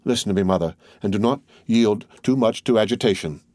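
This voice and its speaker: A man's voice: on the low side, brisk, a little mellow, dry recording, studio quality, lightly acted. A man voicing an earnest, resolute young man reassuring his mother in a storybook reading. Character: earnest young man, proud and devoted son.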